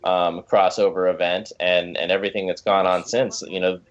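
A man's voice: sits low, level tone, normal speed, lo-fi sound. A man co-hosting a podcast in casual chat, rambling with lots of fillers, restarts and swearing. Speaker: podcast co-host.

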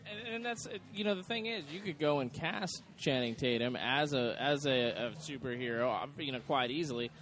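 A male podcast host chatting casually, stopping and restarting as he hunts for names. His voice sits at a middle pitch with faint noise in the background of the recording. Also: fairly bright tone. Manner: halting, full of fillers and restarts. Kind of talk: casual chat.

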